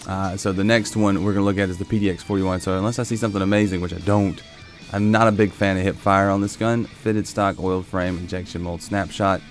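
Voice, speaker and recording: A man's voice: low-pitched, fast, soft background music. A man hosting a casual gameplay video, musing and thinking aloud as he looks through gear. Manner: relaxed, musing, thinks aloud while browsing weapons. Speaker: gaming video host.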